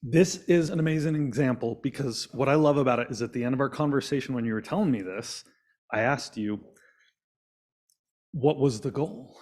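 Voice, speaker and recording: A man leading a coaching session on a video call, lively and quizzing his audience. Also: mid-range voice, fast. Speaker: business coach.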